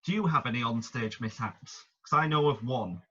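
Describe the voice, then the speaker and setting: Podcast host, man, husky bright voice on a dull lo-fi recording. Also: medium pitch, normal speed. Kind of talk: casual interview. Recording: dull lo-fi sound.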